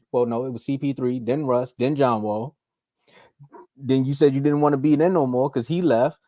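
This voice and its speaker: A man hosting a sports podcast in casual talk, animated and slipping into mocking voices for the people he quotes. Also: medium pitch, a little fast, dry recording, clean studio sound.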